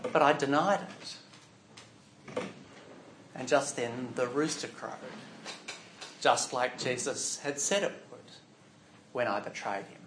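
Slow, echoey male storyteller. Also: medium pitch, a little hiss or hum. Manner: expressive storytelling, shifting from hushed to loud. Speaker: preacher telling a Bible story. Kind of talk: first-person dramatic monologue. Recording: echoey room.

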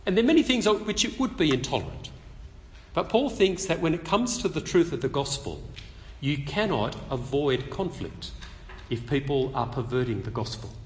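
A man preaches to a meeting in a conversational, animated way, slipping in light humor as he explains his text. His voice sits a little high and swings widely in pitch. A long reverb from the hall trails behind every phrase. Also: normal speed, a little hiss or hum. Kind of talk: expository sermon at a public meeting.

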